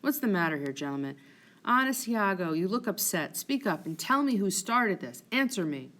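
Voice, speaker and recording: A woman's voice: mid-range voice, big pitch swings, normal speed, fairly bright tone. A woman voicing a stern male general demanding order in a grave, authoritative way.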